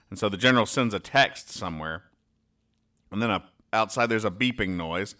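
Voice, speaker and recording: A male podcast host reading comic strips aloud in a casual way, pausing often with "uh" and restarting sentences as he dryly explains each joke. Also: lowish voice, sharp tone, clean tone. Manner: halting, with frequent "uh" and restarts, dryly explaining jokes. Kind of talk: casual read-aloud commentary.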